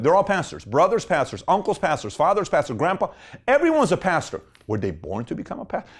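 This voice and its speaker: A middle-aged man hosting a motivational talk, animated, firing off rhetorical questions with big swings in pitch. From Middle Eastern family. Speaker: host.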